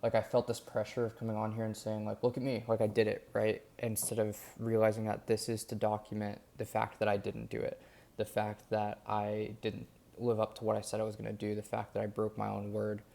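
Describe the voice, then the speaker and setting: A young man speaks in a low, gravelly voice, rambling candidly through an update. His delivery stays fairly flat, full of fillers and restarts. It sounds like a casual daily vlog. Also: fairly quick. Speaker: vlogger documenting his days.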